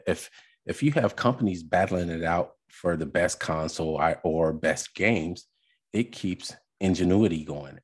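A man hosting a podcast, reacting to a video in casual commentary, exasperated and halting with fillers. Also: deep voice, slightly rough.

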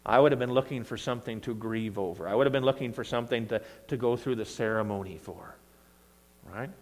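Animated preacher in a reverberant church. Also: male voice, medium pitch. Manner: conversational, animated reading of scripture with bursts of emphasis. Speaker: pastor. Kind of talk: sermon. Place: church sanctuary.

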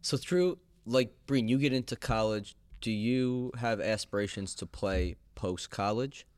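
A man's voice: fairly low pitch, unhurried, clear, resonant tone, no room sound. A man hosting a podcast, asking his guest casual interview questions. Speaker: podcast host.

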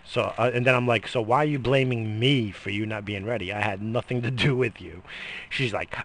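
A man's voice: fairly low pitch, a little fast, creaky, a bit bright. A middle-aged man in a casual, rambling monologue, swearing freely and coughing between lines. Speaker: vlogger.

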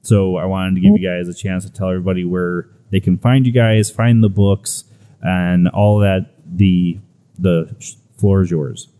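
A man's voice: low-pitched, normal speed. A man hosting a podcast interview, casually affirming his guest and moving the show along. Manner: brief affirming interjections, relaxed. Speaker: podcast host.

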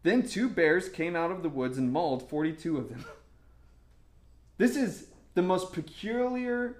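A man preaching a casual sermon, chatty and full of fillers and repeated words, bursting into excitement as he tells stories. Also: high voice, a little slow. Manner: storytelling with sudden excited outbursts. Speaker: pastor.

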